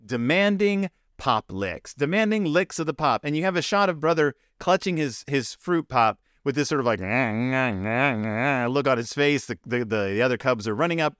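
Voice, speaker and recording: A man's voice: fairly high pitch, animated, a little fast, hardly any pauses, fairly bright tone, no room sound, studio quality. A man giving a rambling, comic commentary on a picture book, full of wry asides.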